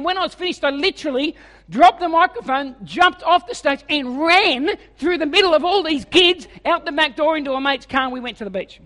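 A man's voice: very high voice, brisk, pushed and bright, in a large hall. An Australian man in his forties preaching a sermon as a humorous, self-mocking storyteller. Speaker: evangelist preacher.

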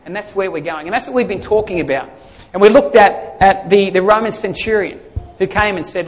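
A man's voice: high voice, brisk. A male pastor preaching a sermon in a conversational way, asking the congregation questions and answering them himself. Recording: long hall reverb.

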